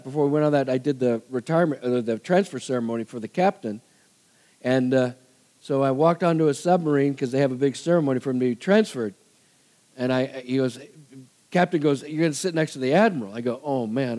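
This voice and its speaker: A man's voice: medium pitch, warm tone. A middle-aged male pastor preaching a sermon, telling a story in a chatty way, often laughing and acting out the people he quotes.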